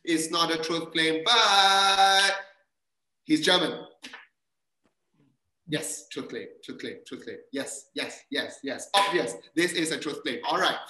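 A man's voice: medium pitch, normal speed, bright, forceful tone, roomy sound, rough recording. A male pastor, giving an interactive sermon and quizzing his congregation. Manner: asks the congregation questions and reads their answers aloud. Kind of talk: interactive sermon with online quiz.

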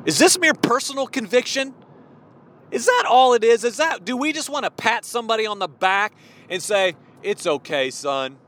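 A man in his forties preaching a fervent, worked-up sermon, at times yelling. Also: very high voice, lively intonation, normal speed. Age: 40s. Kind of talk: impassioned sermon.

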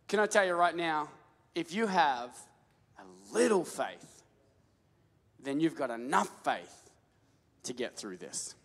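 High-voiced preacher man, lively swings, long hall echo. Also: moderate pace. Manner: animated preaching, building to shouts, asks the crowd to respond. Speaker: pastor. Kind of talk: sermon.

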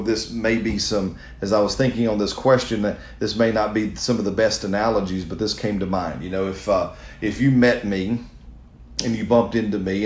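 Man, middle-aged, pastor, earnest conversational teaching, low voice, echoey room. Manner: earnest, conversational, with restarts and direct appeals to listeners. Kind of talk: sermon-style teaching answering a question.

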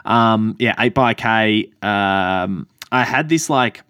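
A man's voice: on the low side, slow pace, a bit bright, clear, resonant tone, no echo, clean studio sound. A man hosting a casual podcast, joking and teasing his co-host. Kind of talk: casual chat.

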